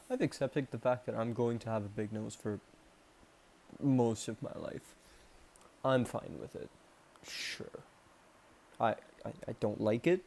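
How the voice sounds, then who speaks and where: A young man with a Canadian accent rambles slowly through a casual vlog. He speaks in a middle pitch, mocks himself, and trails off and restarts his sentences often. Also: vocal fry, a little mellow. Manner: rambling and self-mocking, with many restarts and trailing pauses. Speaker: vlogger. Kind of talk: casual self-improvement vlog.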